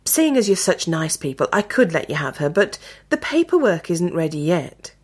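A slick woman posing as a dog breeder, as a storyteller puts her on, spinning a coaxing, well-rehearsed sales patter. Her voice sits low. The patter sounds practised rather than heartfelt. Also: sing-song, moderate pace, a little mellow, breathy edge.

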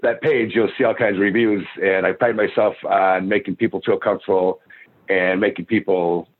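A man's voice: low-pitched, fairly even intonation, normal speed, slightly rough. A man who boards and minds dogs, chatting casually and rambling, often restarting his sentences. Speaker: dog boarder and pet sitter. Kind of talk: casual chat. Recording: phone-line audio.

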